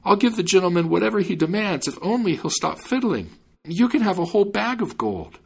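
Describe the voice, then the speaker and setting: A whining old peddler who pleads and shrieks, pitched high and swinging wildly up and down, as a male storyteller puts him on. The voice has a slightly husky grain. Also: big pitch swings, brisk, full character voice. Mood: wailing.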